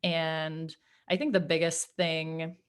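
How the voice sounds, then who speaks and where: Low-pitched chatty woman co-host. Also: level tone, slow, smooth. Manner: chatty, lots of "like", giggly. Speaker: podcast co-host. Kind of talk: casual chat among friends.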